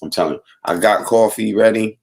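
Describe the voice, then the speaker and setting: A deep-voiced man hosts a relaxed live morning chat show, his voice rough and hoarse from overuse. He rambles cheerfully, greeting viewers one by one and chatting off the cuff. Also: a little fast. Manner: rambling, upbeat, giving shout-outs to viewers. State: hoarse, voice worn out. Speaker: host.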